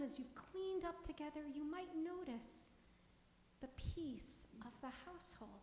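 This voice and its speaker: A woman with a high voice tells a children's story at a service, switching into playful character voices. Her voice carries through a large reverberant hall. She keeps it warm and animated for young listeners. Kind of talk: children's story told aloud. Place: synagogue sanctuary. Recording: echoey hall.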